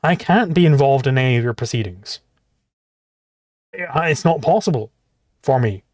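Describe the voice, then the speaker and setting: A man's voice: medium pitch, expressive, moderate pace, a little mellow, dry recording, clean studio sound. A man hosting a livestream reaction, ranting in a heated, profane and rhetorical way. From outside the US. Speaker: livestream host reacting to a clip.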